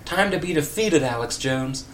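A man voicing a cocky, heroic male cartoon hedgehog who shouts his lines. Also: medium pitch, animated, a little fast, slight background noise, pitched above the performer's own voice, lightly acted. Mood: brash.

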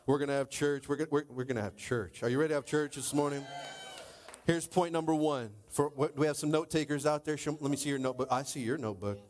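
A male pastor delivers a lively sermon in church. His voice sits high, and he moves between loud, excited exclamations and low, confiding asides. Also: fast talker.

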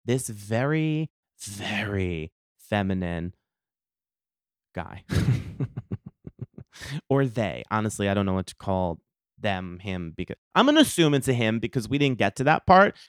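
Young adult man, podcast host, smooth voice, dry close sound, animated profane storytelling. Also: lowish voice, a little slow, long pauses, dry recording.

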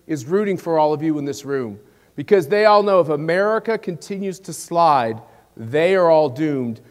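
Man, conference speaker, rousing, folksy, higher-pitched, reverberant hall. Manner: rousing, folksy, drops low on closing phrases. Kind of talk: speech to a conference audience. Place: large convention hall.

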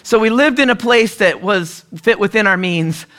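High, bright-voiced male pastor preaching. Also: normal speed. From US Northwest. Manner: storytelling, conversational preaching with frequent throat-clearing. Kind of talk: sermon.

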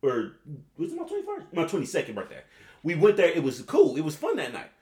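A man in his twenties, a podcast host, telling a long story in a rambling, profane, animated way. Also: fairly high pitch, fast talker. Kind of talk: casual storytelling chat. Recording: roomy echo.

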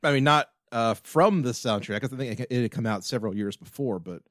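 A man's voice: medium pitch, fairly quick, fairly bright tone, no echo. A man co-hosting a podcast, chatting casually and making dry, wry remarks. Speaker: podcast co-host. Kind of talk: casual chat.

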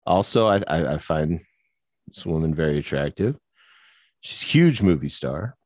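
A man co-hosting a casual movie podcast, animated, laughing often and restarting his sentences. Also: rumbling low, moderate pace, no echo, studio quality. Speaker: podcast co-host. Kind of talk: casual chat about movies.

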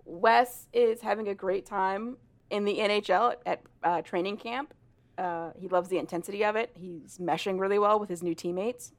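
A woman's voice: mid-range voice, fairly even intonation, normal speed. A married woman co-hosting a podcast, chatting casually and retelling a story, laughing often and swearing freely. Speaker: podcast co-host. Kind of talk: casual chat retelling a book plot.

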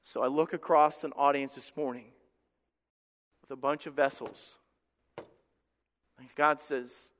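A pastor preaching a sermon to his congregation, swinging between loud bursts and quiet moments. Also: medium pitch, steady tone, a little slow, long pauses. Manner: preaching with dramatic shifts in volume, acting out God's voice. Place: church sanctuary with congregation. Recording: reverberant hall.

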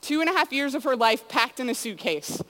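A woman's voice: sits high, animated, fairly quick, a bit bright. Woman youth speaker, casual sermon, chatty storytelling, lots of reverb like a big hall. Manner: chatty storytelling with frequent "like" and "you know".

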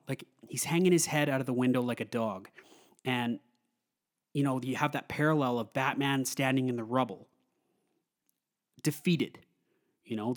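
A man giving a casual, excited film review, rambling with lots of fillers. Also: mid-range voice.

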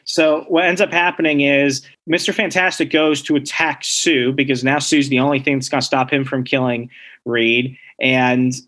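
A man co-hosting a podcast, casually recapping a comic book story with lively storytelling and quick bits of acting out the characters. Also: mid-range voice. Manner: animated storytelling, acts out characters' lines. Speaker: podcast co-host.

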